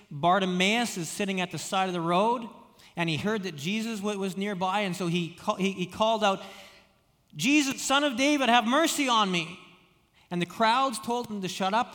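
A man preaching a sermon, telling stories with frequent restarts and stammered repeats, dropping soft when quoting. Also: high voice, big-room sound. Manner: storytelling, many restarts and stammered repeats, drops soft for quoted words. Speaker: pastor.

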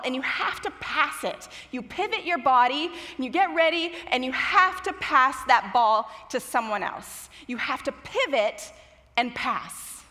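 Nervous chatty woman preaching in a reverberant hall. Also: high-pitched. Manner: warm, chatty and self-deprecating, a little nervous. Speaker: guest preacher from children's ministry. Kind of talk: sermon. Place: church auditorium with stage lights.

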